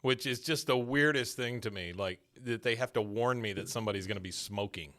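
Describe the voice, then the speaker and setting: A man's voice: medium pitch, a bit bright. Laughing man recapping a cartoon. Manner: storytelling, quick to laugh, acts out quotes. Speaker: podcast host. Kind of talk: casual episode recap.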